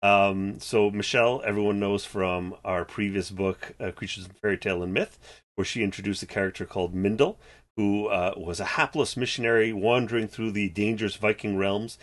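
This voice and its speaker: A man talking as a guest in a casual chat, pitching his company's new books with enthusiasm. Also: steady tone, normal speed. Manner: enthusiastic pitching, many fillers. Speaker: game publisher guest.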